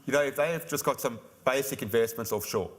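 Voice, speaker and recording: Man, middle-aged, insurance expert; rapid, brisk explainer at a conference interview. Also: mid-range voice. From South Africa. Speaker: insurance company expert guest.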